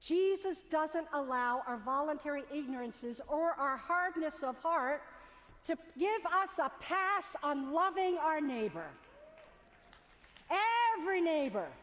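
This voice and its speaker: A woman's voice: high voice, animated, unhurried, a bit bright. A woman preacher delivering a sermon in a rhythmic, repetitive cadence. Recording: long reverb of a large hall.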